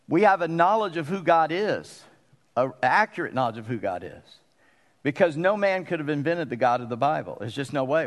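A man preaching a sermon as pastor, folksy and conversational, with emphatic pauses. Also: medium pitch, big-room sound.

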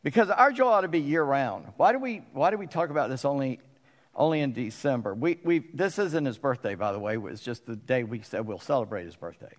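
A male pastor preaching a sermon, chatty and animated, dropping suddenly into a low voice for emphasis. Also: a little fast. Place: church sanctuary. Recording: long reverb of a church hall.

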